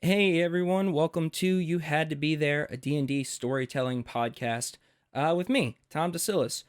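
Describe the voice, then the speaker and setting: An American man hosting a podcast interview, animated and rambling, with lots of fillers. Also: a little high, normal speed. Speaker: podcast host.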